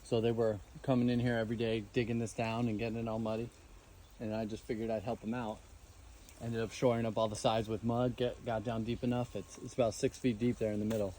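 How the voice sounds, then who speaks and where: A man giving a farm tour, explaining in a relaxed, rambling way full of fillers, recorded outdoors among animals. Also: fairly low pitch, quick pace, slight background noise. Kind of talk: casual explanatory chat.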